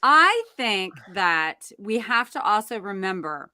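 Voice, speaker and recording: A woman's voice: mid-range voice, big pitch swings, takes it slowly, pushed and bright, smooth, no echo, studio quality. A woman co-hosting a casual talk show, upbeat and encouraging. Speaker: co-host.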